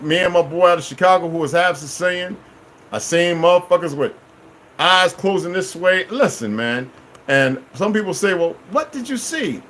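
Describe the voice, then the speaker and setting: A man's voice: on the high side, a bit bright, slight background noise, low-quality recording. A middle-aged man telling a long personal story as a vlogger, in a rambling, profane, emphatic way. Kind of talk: casual storytelling monologue.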